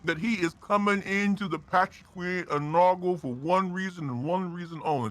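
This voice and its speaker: A man speaking formally about a wrestling match, pausing with many uhs. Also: on the high side, a bit bright.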